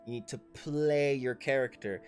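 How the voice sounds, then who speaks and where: A man's voice: mid-range voice, unhurried, soft background music. A man running a tabletop game as dungeon master on a livestream, coaching his players in an instructive way.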